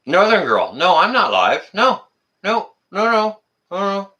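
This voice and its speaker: A man's voice: high-pitched, huge pitch swings, a little slow, bright, forceful tone. A man hosting a casual live stream, rambling, teasing his guest and reading out viewer comments.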